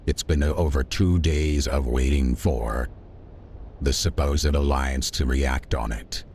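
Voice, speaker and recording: A man's voice: rumbling low, steady tone, takes it slowly, darkish tone, a little hiss or hum. A man streaming a video game, rambling in a chatty way and talking back to his chat. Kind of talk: livestream gameplay commentary.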